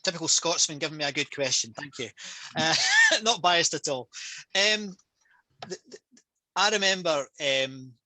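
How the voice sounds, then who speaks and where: A man's voice: fairly high pitch, a little slow, long pauses, no room sound, low-quality recording. A man with a Scottish accent, a public speaker and trainer, talking casually and with passion on a video call over a headset. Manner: passionate, energetic storytelling.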